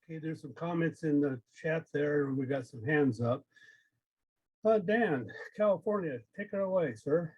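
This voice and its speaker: A man moderating a video call meeting, briskly calling on speakers. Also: on the high side, breathy edge, muffled recording.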